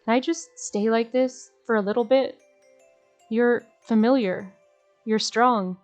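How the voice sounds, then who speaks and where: A woman voicing a gentle, weary female demon in a visual novel, soft and a bit old-fashioned in her phrasing. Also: on the high side, unhurried, faint music behind, lightly acted. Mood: tender.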